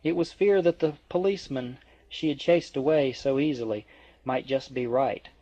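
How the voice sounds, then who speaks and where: A man reading a novel aloud in a steady, even narrating voice. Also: medium pitch, normal speed, no echo. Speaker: audiobook reader. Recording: dry, dull lo-fi.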